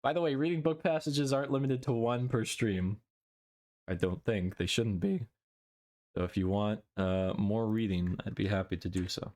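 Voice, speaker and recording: A young male VTuber with a fairly low, slightly mellow voice chats casually with his stream viewers at a moderate pace. He recites his own poetry dramatically, then slides into playful banter full of silly noises.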